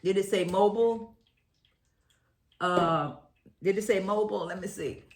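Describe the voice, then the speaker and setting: A woman's voice: mid-range voice, unhurried, reverberant, poor audio. A woman, chatting while juicing and exclaiming, repeating phrases like a preacher. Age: 70s. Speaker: health vlogger. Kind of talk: casual chat while juicing.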